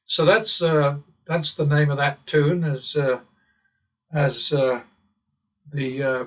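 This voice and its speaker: Far from the mic, an English channel host talks in a mid-range, fairly bright voice. His monologue is digressive and sardonic, wandering off topic as he frequently chuckles.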